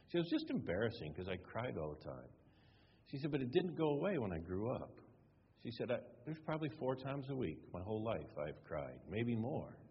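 A man's voice: on the low side, husky. A man preaching a sermon as pastor, telling stories in a conversational way and acting out the dialogue. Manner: conversational, retelling dialogue with varied emphasis. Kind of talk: sermon with storytelling. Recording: dull sound with long hall reverb.

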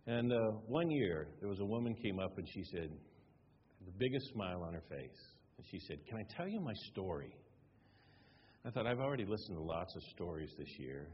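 A pastor with a deep, animated voice preaches a sermon at a fairly quick pace, telling stories conversationally and acting out the dialogue with varied emphasis. There's slight background noise, and the recording sounds dull with a long hall reverb.

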